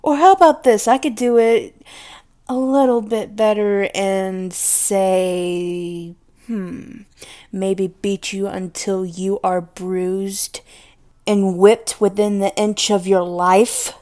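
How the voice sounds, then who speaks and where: A woman's voice: mid-range voice, steady tone, takes it slowly, darkish tone, natural voice. A woman playing a volatile, possessive mistress. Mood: scornful, domineering. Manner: domineering, scornful, drops to whispers. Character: possessive, volatile woman scolding her pet. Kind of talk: audio role-play to the listener.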